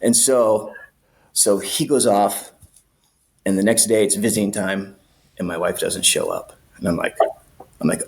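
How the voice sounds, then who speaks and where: A man, a podcast guest, telling a story in a casual, animated way, swearing freely and acting out the people in it. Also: sits low, moderate pace, creaky. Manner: animated, profane, acts out voices.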